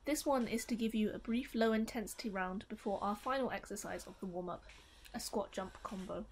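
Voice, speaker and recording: Young woman, calm instructor voice-over, clear and encouraging, faint hiss behind. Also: mid-range voice, fairly quick. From United Kingdom. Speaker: taekwondo stretching instructor.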